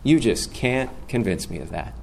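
A man's voice: fairly low pitch, expressive, moderate pace, vocal fry, slight background noise. Earnest preaching man, drawl. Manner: earnest preaching, rising loud on scripture readings. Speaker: guest preacher. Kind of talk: sermon.

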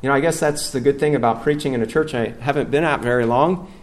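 Middle-aged man, guest preacher, earnest sermon, swells loud on scripture readings. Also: mid-range voice, fast.

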